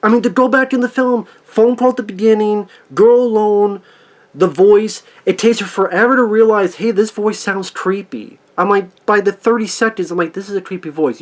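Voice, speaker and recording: A man's voice: sits high, normal speed. A man ranting angrily and sarcastically in a profane movie review.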